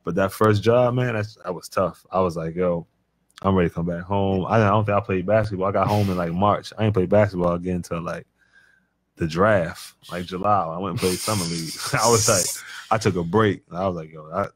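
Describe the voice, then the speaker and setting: A man's voice: low voice, fairly even intonation, brisk. A man talking as a podcast guest in a laid-back, rambling way, full of fillers and restarts. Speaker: guest, professional basketball player. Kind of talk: casual podcast conversation.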